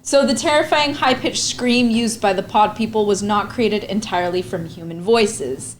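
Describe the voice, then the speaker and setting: A young adult woman hosting a movie podcast, playful and animated, often laughing. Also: mid-range voice, normal speed, slight background noise. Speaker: podcast host. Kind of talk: casual chat.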